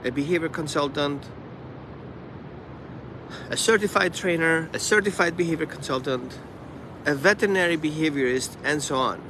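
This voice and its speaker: A man who trains dogs, talking casually on a live stream and acting out the dog and the owners in quick asides. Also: fairly high pitch, background noise.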